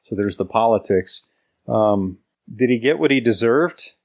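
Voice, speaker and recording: A man co-hosting a book discussion podcast, talking in a slow, halting way with many fillers, then reading a passage. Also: lowish voice, animated. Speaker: book club podcast co-host. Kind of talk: casual chat, reading a quote aloud.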